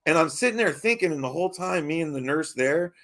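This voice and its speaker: Gravelly-voiced man telling a rambling story. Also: on the high side, expressive, fast talker, fairly bright tone. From Baltimore. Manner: rambling, profane, laughs often, many restarts. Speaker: podcast host. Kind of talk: casual storytelling chat.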